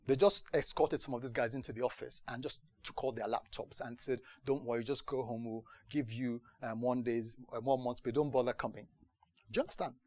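A pastor with a mid-range, darkish voice recounts stories from his own life in a sermon testimony, often asking "do you understand" to check listeners follow. The recording has no echo.

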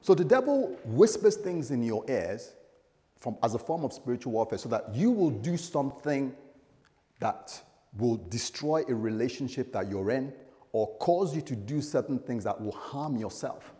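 Dramatic storytelling preacher in an echoing hall. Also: male voice, medium pitch, animated, moderate pace, mellow. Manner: dramatic storytelling with humorous asides. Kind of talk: sermon. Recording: echoey hall.

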